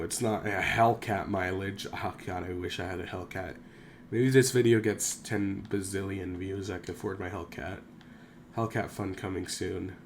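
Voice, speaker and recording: A young man with a lowish voice rambles through a casual vlog monologue, dropping frequent swears and self-deprecating asides. A faint hum of room ambience sits underneath. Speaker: YouTuber.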